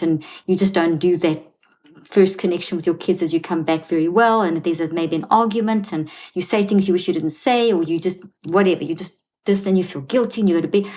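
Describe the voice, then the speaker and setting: Earnest South African woman, lowish voice. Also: darkish tone. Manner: earnest, restarts mid-sentence, acts out parent quotes. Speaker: guest psychologist. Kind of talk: explaining parenting advice.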